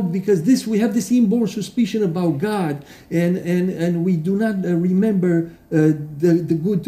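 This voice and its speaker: A man preaching a sermon in a church, earnest and halting, with restarts and fillers, reading quotations aloud with emphasis. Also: sits high, mellow. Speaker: pastor. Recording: roomy echo.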